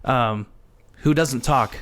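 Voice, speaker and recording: A man's voice: mid-range voice, takes it slowly, a bit bright. A man co-hosting a podcast, chatting casually about a comedy film and retelling its scenes with many restarts. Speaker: podcast co-host. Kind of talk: casual chat reviewing a film.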